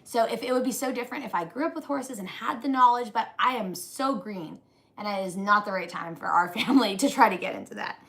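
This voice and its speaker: A woman from northern Canada co-hosting a casual homestead live stream, animated and laughing often with big swings in pitch. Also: a little fast. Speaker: co-host, homesteader wife.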